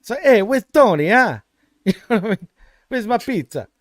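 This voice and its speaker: A man's voice: sits high, lively intonation, normal speed, no room sound, studio quality, voice pushed up. An Australian man putting on a mock Italian-American wise-guy voice, brash and teasing.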